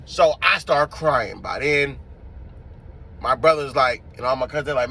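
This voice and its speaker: A man telling a street-fight story in a casual, profane, animated way, acting out the scenes as he goes. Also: mid-range voice, moderate pace, slight background noise.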